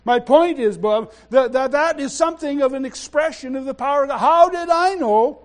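A man preaching a sermon as pastor, emphatic and halting, with frequent restarts, swinging between quiet asides and loud exclamations. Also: very high-pitched.

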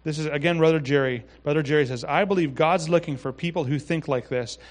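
Guy preaching a sermon, kinda high voice, chatty and loose, lots of restarts. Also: fast. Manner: conversational, with frequent restarts and asides. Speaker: pastor.

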